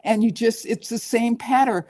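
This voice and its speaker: A woman's voice: a little high, moderate pace, a little mellow. A woman therapist being interviewed, talking earnestly and coaching, often acting out her clients' inner voices. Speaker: guest therapist. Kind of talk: interview conversation.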